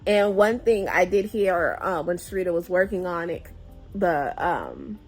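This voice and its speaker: Hosting a relaxed book club vlog, a woman chats emotively and sighs frequently while responding to the story. Her lowish voice swings widely in pitch at a measured pace, over soft background music.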